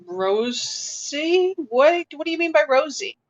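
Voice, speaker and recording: A woman narrating as game master of a tabletop game, relaxed and patient, with casual fillers. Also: high-pitched, takes it slowly, dull audio.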